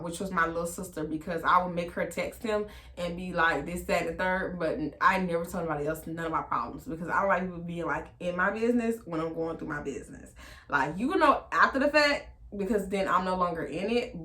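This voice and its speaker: A woman tells a personal storytime in a casual, slangy way, full of fillers. Her voice is bright and forceful and sits a bit low. She jumps up high when she acts out what others said. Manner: animated, acts out quoted voices with big pitch jumps. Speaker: storytime vlogger.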